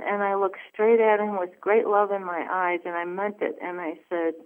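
A woman's voice: medium pitch, steady tone, moderate pace, few pauses. A woman guest earnestly telling a personal story on a call, with many restarts and fillers. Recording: phone line.

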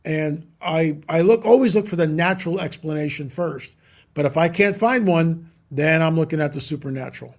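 Gravelly man telling a strange tale. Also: on the high side, moderate pace. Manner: animated storyteller, repeats for emphasis. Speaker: guest, UFO researcher. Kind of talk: podcast interview storytelling.

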